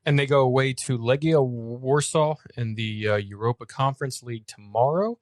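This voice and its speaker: A man's voice: medium pitch, moderate pace, dry recording, clean studio sound. A man co-hosting a soccer podcast in casual chat, often stumbling and repeating words. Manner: stammering repeats, puts on a comic German accent. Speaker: podcast co-host.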